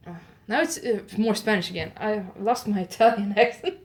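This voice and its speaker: A woman hosting an audio advent calendar show. She reads holiday facts in one improvised take, pauses with "uh" to fix her pronunciation, and adds chatty asides to her listeners. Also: mid-range voice, animated. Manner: reads steadily, stops often with "uh" to correct her pronunciation.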